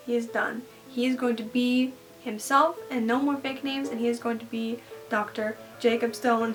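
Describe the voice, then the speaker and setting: A woman talking through a TV episode in a casual recap, gushing and excitable as a fan. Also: a little high, recorded from a distance.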